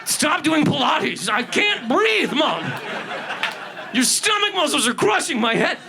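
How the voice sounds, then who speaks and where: A man voicing an unborn baby squashed inside its mother, pleading and shouting. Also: very high voice, sing-song, measured pace, vocal fry, voice pushed up, full character voice. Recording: live stand-up with audience noise.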